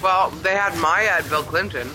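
A man with a high, very bright voice chats casually as co-host. He is animated and teasing. A faint hum of noise sits under the recording. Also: moderate pace, rough recording. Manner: animated, reads poems aloud in a mocking voice. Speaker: podcast co-host. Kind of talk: casual chat.

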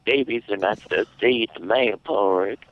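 A man co-hosting a comedy show, asking absurd questions in a deadpan way. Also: fairly low pitch, normal speed, no room sound. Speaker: co-host. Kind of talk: casual comedy chat. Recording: dull dry lo-fi audio.

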